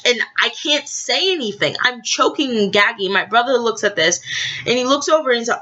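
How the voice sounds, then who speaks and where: A woman's voice: medium pitch, expressive, normal speed, pushed and bright, dull audio. A teenage girl vlogging, telling a story to camera in a rambling, chatty way, correcting herself and talking to her viewers. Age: teens.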